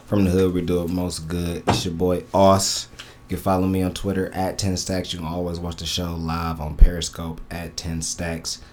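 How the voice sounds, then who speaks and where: A man's voice: deep voice, level tone, normal speed, a little mellow. Laid-back man hosting a podcast. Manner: loose and laid-back, trailing off mid-sentence. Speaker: podcast host. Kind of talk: casual podcast chat.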